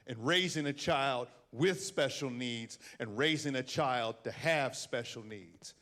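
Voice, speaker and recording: A man's voice: mid-range voice, a little slow, few pauses. A man performing a stand-up comedy set aboard a cruise ship, telling stories with acted-out voices. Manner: animated storytelling with acted-out voices. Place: cruise ship theater with live audience.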